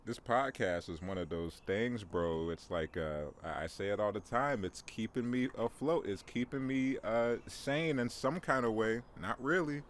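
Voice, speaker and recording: Speaking a little slowly with hardly any pauses, a young man in his twenties has a lowish voice and lively intonation. He hosts a solo morning podcast from home, within view of his backyard, rambling, joking at his own expense, restarting often and saying "bro" a lot.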